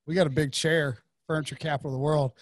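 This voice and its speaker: Brief: high-pitched male host, dry close sound, casual and rambly. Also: steady tone, quick pace, dry recording. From North Carolina, US. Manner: rambling, joking, many restarts. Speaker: podcast host. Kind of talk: casual podcast chat.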